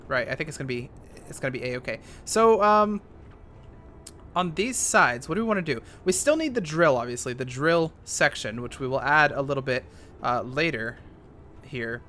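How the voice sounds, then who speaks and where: A man's voice: a little high, pushed and bright, a little hiss or hum. A young man giving casual, rambling commentary while playing a game, thinking aloud with lots of fillers. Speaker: gaming YouTuber.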